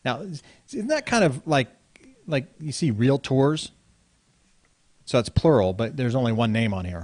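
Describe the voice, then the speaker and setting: A man hosting a casual real estate talk show, relaxed and laughing along as he moves between segments. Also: mid-range voice, unhurried, long pauses. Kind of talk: casual banter.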